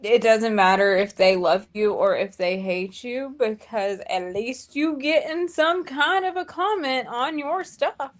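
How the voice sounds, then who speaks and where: A woman's voice: a little high, measured pace, hardly any pauses. A woman content creator co-hosting a podcast watch party, rambling and full of fillers. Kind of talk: casual watch-party chat.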